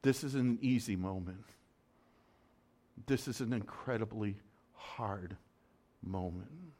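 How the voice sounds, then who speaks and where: A man preaching a sermon as a story, dramatic, moving from loud urgency to soft, hushed lines. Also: fairly low pitch, takes it slowly. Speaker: pastor.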